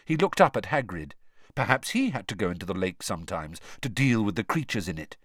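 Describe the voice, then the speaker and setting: Man, audiobook narration, expressive, animated pitch, dry close sound. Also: a little fast, dry recording. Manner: expressive storytelling. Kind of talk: scripted narration.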